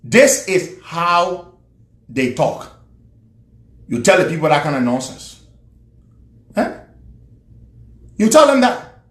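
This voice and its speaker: Liberian man, furious mocking rant, bright tense voice, roomy echo. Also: fairly high pitch, big pitch swings, unhurried, long pauses. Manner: angry, insulting, mocking. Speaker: political commentator. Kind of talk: ranting live commentary.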